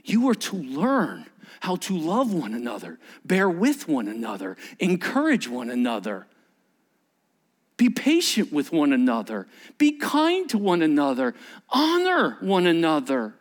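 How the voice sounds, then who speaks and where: Preaching a sermon, a male pastor acts out dialogue, lurching from loud bursts to hushed near-whispers. His voice is a little high with huge pitch swings, and he speaks a little slowly.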